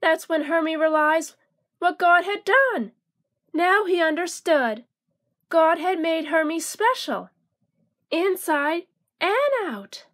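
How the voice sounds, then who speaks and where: A woman reads a children's picture book aloud, her voice very high and unhurried. She lingers over each phrase and gives it gentle expression, the way one reads to small children. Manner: slow, gentle, expressive reading. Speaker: storyteller. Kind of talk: storybook read-aloud for children.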